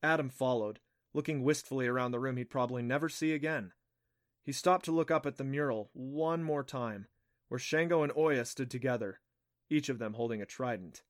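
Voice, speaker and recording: A man reading a middle-grade adventure audiobook in an even storytelling manner. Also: mid-range voice, normal speed, no room sound, studio quality. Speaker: audiobook narrator. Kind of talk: scripted audiobook narration.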